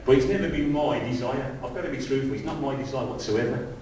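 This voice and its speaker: There's a very echoey church hall, a distant microphone, and a faint hiss as a middle-aged pastor preaches to his congregation. His medium-pitched voice is darkish and quick, and his conversational sermon is full of rhetorical questions aimed at the listeners.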